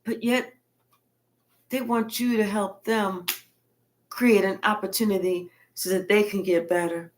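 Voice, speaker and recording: A woman's voice: mid-range voice, fairly even intonation, measured pace, pauses often. A woman giving a casual tarot reading in a blunt, colloquial manner with frequent cursing. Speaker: tarot reader.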